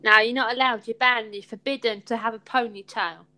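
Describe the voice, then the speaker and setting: A woman's voice: a little high, fairly even intonation, a little fast, pushed and bright, poor audio. A woman hosting a live stream chat, rambling in an upbeat, sweary way.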